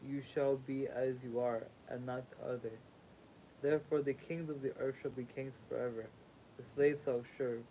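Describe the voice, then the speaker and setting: A man's voice: medium pitch, fairly even intonation, normal speed, dark tone, a little hiss or hum, rough recording. A sleepy man reading a sacred text aloud as a livestream host, stumbling over words, rereading them and making casual asides.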